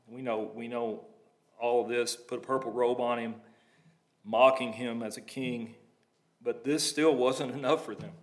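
A man preaching a sermon, reading scripture aloud and breaking into plain conversational asides to explain it. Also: mid-range voice.

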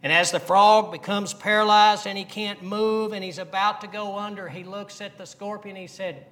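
A man's voice: high-pitched, flat delivery, moderate pace, fairly bright tone. A man preaching a sermon, earnest and repetitive, asking the congregation questions. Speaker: pastor.

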